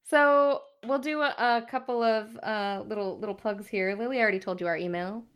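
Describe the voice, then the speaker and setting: A woman's voice: on the high side, normal speed, a bit bright, clean tone. Chatty woman telling a story. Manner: chatty storyteller, full of fillers and quoted reactions. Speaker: podcast co-host. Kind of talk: casual chat.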